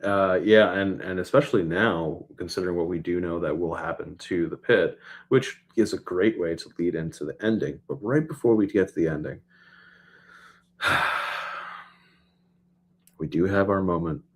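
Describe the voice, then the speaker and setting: Deep-voiced man recapping a TV episode. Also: moderate pace, pauses often. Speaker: podcast co-host. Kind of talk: casual TV episode recap chat.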